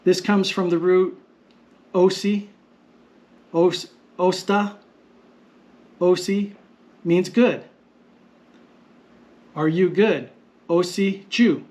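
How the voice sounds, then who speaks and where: A man teaching vocabulary in a patient, explanatory lesson, repeating words slowly and deliberately. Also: high-pitched, steady tone, darkish tone. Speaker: language teacher. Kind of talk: slow explanatory lesson narration.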